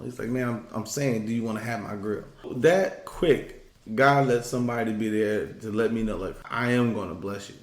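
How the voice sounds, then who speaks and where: A man's voice: medium pitch, a little fast, reverberant. A man co-hosting a faith-based podcast, talking in an emphatic, preachy way. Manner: preachy, emphatic, acts out quoted voices. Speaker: podcast co-host. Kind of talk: casual faith-based chat.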